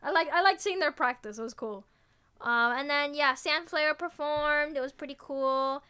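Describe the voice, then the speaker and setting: A young adult woman streaming as a VTuber, chatting casually in a rambling, excitable way full of fillers and restarts. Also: sits high, moderate pace. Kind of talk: casual livestream chat.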